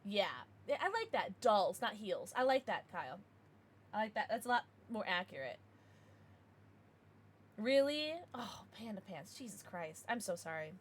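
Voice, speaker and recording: Bubbly, lively woman streamer. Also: mid-range voice, normal speed, slight background noise. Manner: bubbly, laughs often, reacts to chat. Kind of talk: casual livestream chat.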